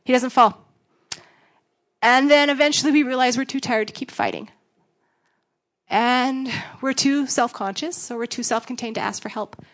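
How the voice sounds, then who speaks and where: A woman giving a casual, conversational sermon, acting out voices with sudden big jumps in pitch. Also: normal speed, a bit bright. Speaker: preacher.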